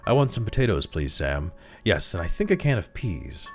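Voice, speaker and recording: A man reading a story aloud, voicing a young pregnant wife in a bright, rehearsed, sweet manner. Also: low voice, sing-song, normal speed, faint music behind.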